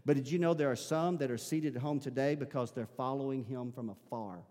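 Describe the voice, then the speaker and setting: A man's voice: medium pitch, brisk, few pauses, dark tone. A man with a Southern US accent preaching a sermon as pastor, rising into emphatic bursts and calling out to his congregation. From American South. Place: church sanctuary. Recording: live-streamed sermon in a reverberant hall.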